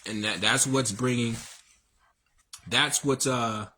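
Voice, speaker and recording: A husky-voiced man talks alone into his livestream, preaching in loose, slangy runs full of fillers. His voice sits at an ordinary middle pitch and keeps a casual, unscripted flow. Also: fairly even intonation, slow pace, sharp tone. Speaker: livestream host.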